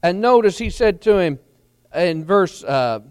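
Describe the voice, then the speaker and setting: A man's voice: high voice, expressive, measured pace, a little mellow, clean tone, dry recording, studio quality, big-room sound. A man preaching a Bible lesson, reading scripture aloud and explaining it, sometimes stumbling and asking the listeners questions. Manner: reads scripture aloud then explains it, with restarts; addresses listeners directly with questions. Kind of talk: Bible teaching sermon.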